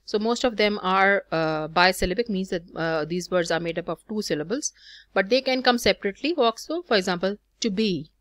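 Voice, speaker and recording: In a dry, studio-quality recording, a woman with a mid-range, slightly bright voice talks a little fast. She walks through poetic meter step by step, counting out examples and using plenty of fillers.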